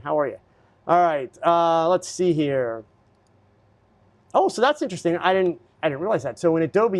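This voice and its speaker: A man hosting a live photography Q&A stream, answering viewer questions in a blunt, lecturing way with plenty of fillers. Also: a little high.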